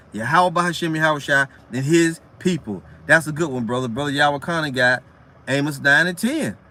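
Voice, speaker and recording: A man with a high, sharp, bright voice preaches in a loose, unscripted way. he reads scripture slowly, then swings into blunt, profane talk with street slang. the tone stays direct and plain-spoken throughout. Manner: reads verses aloud slowly between rants. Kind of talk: casual scripture teaching.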